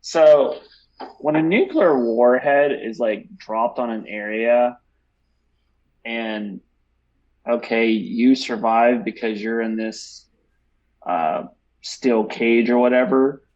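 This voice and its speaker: A man's voice: mid-range voice, slow pace, long pauses, darkish tone. A man co-hosting a pop culture podcast, rambling casually with hesitations and filler words. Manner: rambling, hesitant, laughs while talking. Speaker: podcast co-host. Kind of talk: casual chat. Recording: dull lo-fi sound.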